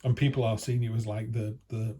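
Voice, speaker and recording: A man's voice: on the low side, level tone, brisk, mellow, slight background noise. A man giving a casual, chatty tarot reading from home, enthusiastic and full of fillers. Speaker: tarot reader. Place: home by a field. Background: faint outdoor ambience, dogs passing.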